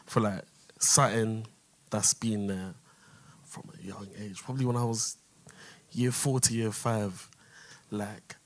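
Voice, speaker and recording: A man with a London accent on a church panel, quietly reflecting on childhood memories. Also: lowish voice, little pitch movement, a little slow, long pauses. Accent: London English. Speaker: panel guest. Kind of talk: casual personal testimony.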